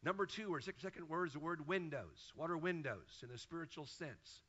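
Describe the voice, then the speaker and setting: Pastor type, a man preaching from the pulpit: fairly high, bright and forceful voice, repeats phrases for emphasis, dull lo-fi sermon tape. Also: expressive, a little fast, breathy edge. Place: church pulpit.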